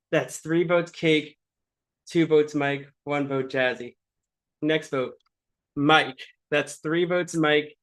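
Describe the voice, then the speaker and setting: A man hosting an online game finale, reading out votes in a steady, measured way with casual fillers. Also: a little high.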